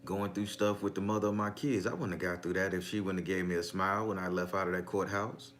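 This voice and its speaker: A man's voice: low voice, fairly even intonation, quick pace, a bit bright, a little hiss or hum. A middle-aged man, telling family stories and preaching in a casual, profane way. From Southern US. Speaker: spiritual vlogger. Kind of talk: casual spiritual talk.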